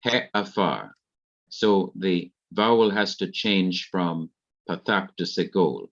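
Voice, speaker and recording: A man's voice: low-pitched, slow pace, lo-fi sound. A man with a Jamaican accent, carefully explaining grammar rules in an online revision lesson. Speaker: Hebrew teacher.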